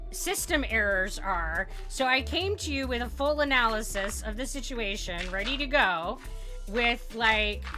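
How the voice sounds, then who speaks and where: Woman streamer just chatting, kinda high bright voice, acts out convos, soft music in back. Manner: candid, animated storytelling with quoted voices. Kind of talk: casual chat.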